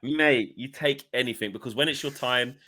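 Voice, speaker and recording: A man chatting casually as a football fan pundit, animated, swearing and acting out his friends' voices. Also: mid-range voice, normal speed.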